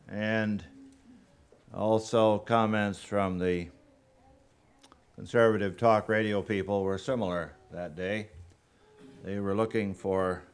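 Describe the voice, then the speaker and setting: A man giving a sermon as a guest preacher, unhurried and halting, with frequent pauses and fillers. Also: low voice, clean tone.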